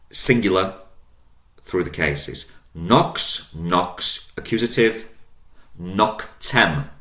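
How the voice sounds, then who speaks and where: In an online language lesson, a Latin teacher with a deep voice and a fairly bright tone patiently spells out word endings and draws out each new vocabulary word. The room gives the recording a roomy echo.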